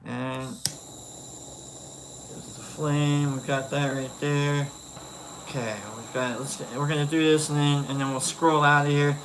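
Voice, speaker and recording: A man's voice: fairly high pitch, flat delivery, measured pace, pauses often, noisy background. A man hosting a casual livestream, rambling and joking with many self-corrections. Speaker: livestream host.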